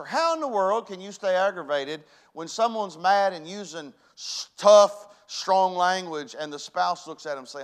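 Man preaching, high-pitched voice, folksy, swings from hushed to loud. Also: normal speed, few pauses. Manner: folksy preaching, big swings from soft to shouting. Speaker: pastor. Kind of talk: sermon.

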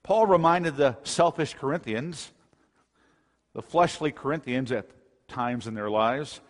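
A man's voice: medium pitch, unhurried. Emphatic man preaching in a reverberant hall. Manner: emphatic preaching, rising to loud bursts. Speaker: pastor. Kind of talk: expository sermon.

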